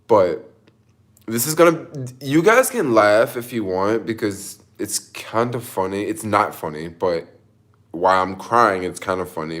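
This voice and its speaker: A man's voice: fairly low pitch, a bit bright. A young man vlogging, emotional and close to tears, telling a rambling story full of fillers and restarts about his delivery shift. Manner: rambling, self-conscious, lots of fillers. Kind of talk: casual storytelling vlog.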